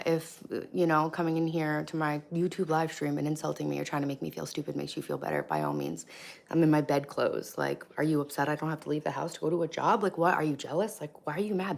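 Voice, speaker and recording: A woman's voice: low voice, gravelly. Chatty hungover woman streaming from home. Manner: chatty, blunt, swings between loud and soft, reacts to chat. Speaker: live stream host. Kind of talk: casual live-stream chat reading comments. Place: home kitchen.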